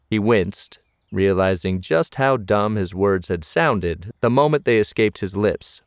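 Male audiobook narrator, fairly low voice, close dry read. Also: animated, no echo. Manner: measured storytelling.

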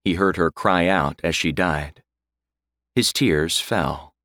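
A man narrating a dark story in a grave, measured way. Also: deep voice, no room sound, studio quality. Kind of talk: scripted audiobook narration.

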